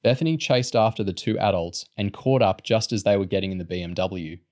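A man narrates a novel chapter in a low, measured voice. His delivery is steady and unhurried, a plain storytelling read. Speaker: audiobook reader.

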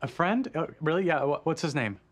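An actor playing an uptight, sarcastic gay dad in a sitcom, with dry, pointed delivery. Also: male voice, on the high side, lively intonation, brisk. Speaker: sitcom character. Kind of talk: sitcom acting.

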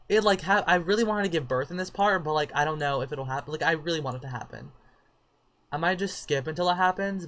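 Sassy let's-play commentator with a bright voice who trash-talks the characters on screen. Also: mid-range voice, fairly quick. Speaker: gameplay commentator.

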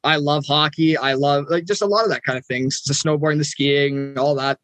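A man's voice: a little high, fairly even intonation, brisk, a bit bright, dry recording. A young adult man from Ontario, Canada, with a Canadian accent, co-hosting a podcast in a casual, profane and joking way. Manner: profane, joking, laughs often. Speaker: podcast co-host. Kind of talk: casual chat.

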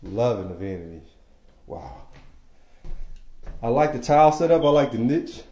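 A man's voice: medium pitch, lively intonation, normal speed, mellow, muffled recording. A man leading a casual walkthrough tour of an empty house, speaking with enthusiasm straight to his viewers in casual slang as he walks from room to room. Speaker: property manager giving a home tour. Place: empty house, indoor rooms. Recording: echoey empty rooms.

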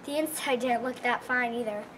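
A woman telling a children's tall tale in a lively, expressive, folksy way. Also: a little high, moderate pace, slight background noise. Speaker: storyteller. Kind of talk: animated storytelling for children.

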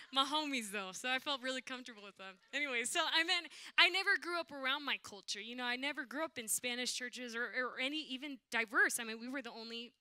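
A young woman worship leader telling a lively testimony in church, acting out the voices of the people in her story. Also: high voice, fairly quick, clear, resonant tone, no room sound. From Southern California, USA. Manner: animated, acts out quoted voices. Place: church sanctuary.

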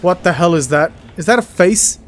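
A man's voice: high-pitched, expressive, normal speed, slight background noise. A man commentating his game playthrough, joking at the game and laughing often. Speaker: gaming channel host. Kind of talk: let's play commentary.

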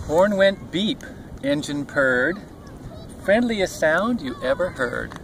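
A man's voice: a little high, expressive, slow pace, fairly bright tone. An older man reading a picture book aloud to his grandchildren outdoors at a beach, playfully doing animal and truck sounds. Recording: faint outdoor background noise.

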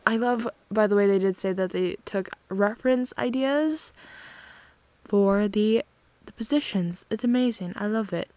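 A woman's voice: mid-range voice, unhurried, darkish tone, dry recording. A woman hosting her own channel, chatting casually and gushing sentimentally about fan art, often sighing. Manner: gushing and sentimental, with frequent sighs. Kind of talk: casual chat.

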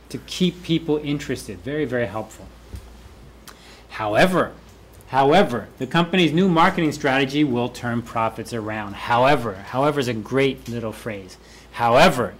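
A man teaching a university English class, repeating key words aloud and joking with students. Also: mid-range voice. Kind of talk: classroom lecture.

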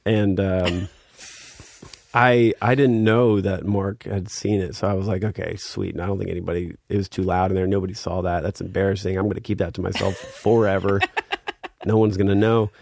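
His deep voice, a little mellow with vocal fry, keeps fairly even intonation at a moderate pace. The man, a guest musician in his thirties, tells a story casually and loosely, leaning on fillers and getting more animated as he plays out the scenes.

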